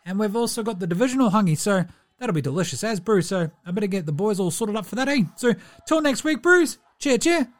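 Doing a comedic sketch, a man with an expressive, high-pitched voice mimics a cheerful, laid-back New basketball player who is a bit slow-witted. He drawls through it, adding "Brew" and "eh" to each line.

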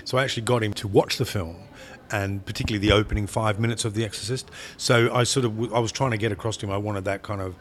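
A man, a film director, talking in an interview in a rambling, halting way, often repeating words as he searches for them. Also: on the low side, fairly even intonation. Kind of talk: interview conversation.

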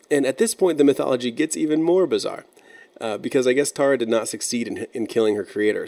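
A man narrating an internet-mystery video in a measured, explanatory and slightly wry way. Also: medium pitch, dark tone. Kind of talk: scripted narration.

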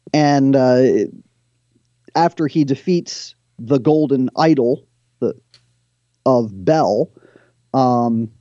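A man who is a guest on the show, retelling stories from scripture in an animated way and reading passages aloud. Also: mid-range voice, no echo, dull audio.

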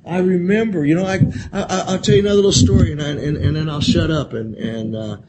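Fast and fairly high-pitched, this man candidly shares his recovery at a convention hall in a profane, emotional way. He rambles, repeats points, swears a lot and keeps saying "man." The rough live recording picks up crowd noise and loud room sound.

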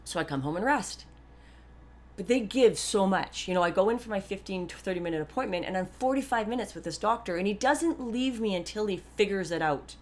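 A podcast host delivers a candid personal monologue, rambling and chatty, full of asides and restarts, and she comes across as warmly earnest and grateful. Her mid-range voice has lively intonation and a fairly quick pace.

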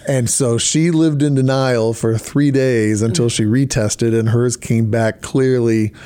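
A man co-hosting a marriage podcast with his wife, sick with covid and coughing, chatting in a relaxed, playful way. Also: mid-range voice, a little slow. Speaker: podcast co-host. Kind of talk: casual chat.

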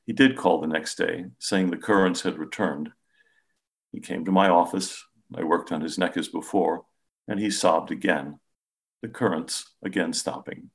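A man, a psychiatrist, calmly narrating a patient case in the first person with measured storytelling. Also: low-pitched. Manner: calm, measured storytelling, softens when speaking gently.

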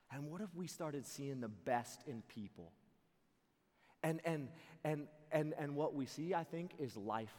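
A man giving an energetic sermon full of personal stories, his voice ringing in a large hall. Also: on the high side. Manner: energetic, shifts into loud excited voices for quotes. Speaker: youth camp speaker. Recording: long reverb of a large hall.

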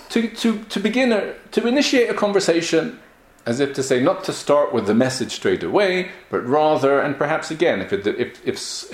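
A man's voice: lowish voice, echoey room. A man giving a recorded Torah class, explaining verses with rhetorical questions and frequent restarts. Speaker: Torah teacher.

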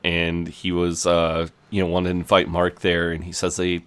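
A British man co-hosting a podcast, recapping a TV episode in a halting casual way with many fillers. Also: deep voice, monotone, a bit bright, smooth. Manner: halting with fillers like uh, you know. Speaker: podcast co-host.

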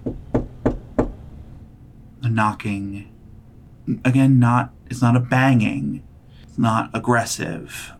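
A man narrating a tabletop game as game master, in slow, measured descriptive narration. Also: fairly low pitch, vocal fry, a little hiss or hum, rough recording.

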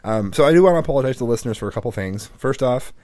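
A man's voice: mid-range voice, animated, very fast, a little mellow, dry recording, studio quality. A middle-aged man co-hosting a podcast, telling stories in casual chat, cursing and laughing often. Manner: swearing, laughing storyteller. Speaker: podcast co-host.

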